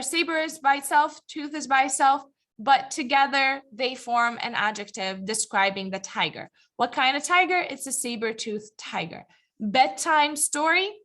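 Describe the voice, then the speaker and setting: This ESL teacher has a high-pitched, bright, forceful voice. Her live grammar lesson, streamed online as well, is patient and encouraging, and she regularly halts to ask students if they follow.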